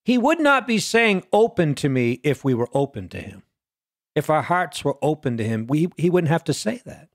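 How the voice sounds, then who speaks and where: A man preaching a sermon, swinging between loud peaks and quiet low lines and asking the listeners question after question. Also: very animated, moderate pace, no echo, studio quality.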